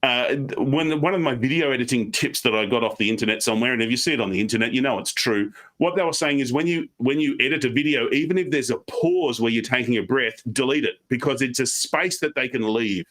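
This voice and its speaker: An Australian man giving online presentation tips on a video call, fast and animated, slipping into quick mock voices. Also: mid-range voice. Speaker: guest speaker.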